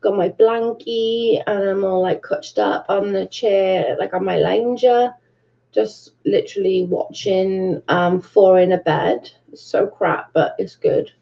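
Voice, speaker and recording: In lo-fi sound, a British woman with a gravelly, medium-pitched voice speaks slowly. She's hosting a casual bedroom livestream, chatting, reading out what viewers comment, and swearing freely.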